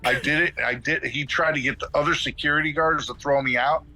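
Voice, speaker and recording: A man's voice: a little high, a little fast, soft background music, poor audio. A middle-aged man telling a long story as a podcast guest in a casual way, acting out the dialogue of the people in it. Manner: animated, acts out dialogue in quotes.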